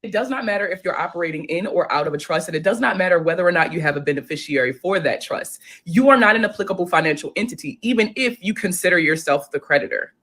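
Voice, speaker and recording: A woman's voice: on the low side, lively intonation, fast talker, few pauses, a bit bright. A young woman, a finance creator, reacting to viewer comments in casual talk, blunt and exasperated, swearing and firing off rhetorical questions.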